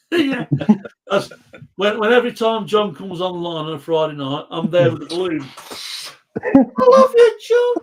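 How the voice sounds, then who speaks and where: A man's voice: high-pitched, moderate pace, long pauses. A British man hosting a casual live chat quiz, joking and reading out viewer comments. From Britain. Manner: jokey, reads viewer comments aloud. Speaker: host.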